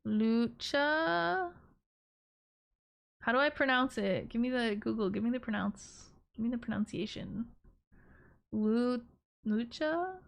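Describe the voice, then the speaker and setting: A woman with a slightly high voice chats away on a live stream, rambling from one thought to the next. She giggles often and teases her viewers playfully. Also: animated, slow pace, creaky, long pauses. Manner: playful teasing of her chat. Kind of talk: casual live-stream chat.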